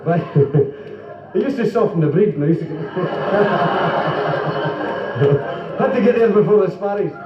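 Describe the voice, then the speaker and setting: A man's voice: sits high, takes it slowly, pauses often, very noisy. A Scottish man doing live stand-up comedy, telling jokey stories with sung bits and laughing at himself as he goes. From Scotland. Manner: jokey, lively storytelling with sung bits and self-interrupting laughter. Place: club stage before an audience. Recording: roomy, distant, dull 1970s live club recording.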